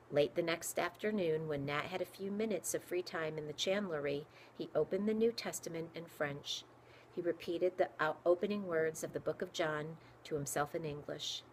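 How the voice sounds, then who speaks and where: A woman narrating a children's chapter book in steady, clear storytelling. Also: low voice, normal speed, slight background noise. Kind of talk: audiobook reading for children.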